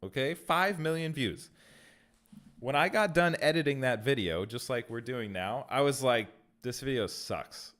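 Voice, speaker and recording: A man's voice: mid-range voice, normal speed, a bit bright. Chatty male streamer answering his viewers. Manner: chatty, reads chat aloud and answers viewers; laughs easily between phrases. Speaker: streamer and content creator. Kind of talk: casual livestream chat.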